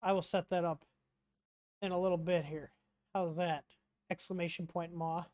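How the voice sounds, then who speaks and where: A man's voice: high-pitched, level tone, normal speed, darkish tone, dry recording. Guy rambling thru chat questions on his stream, lots of ums, dry close sound. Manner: rambling, chatty, reads out chat messages, frequent ums. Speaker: livestream host answering chat questions. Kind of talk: casual livestream Q&A.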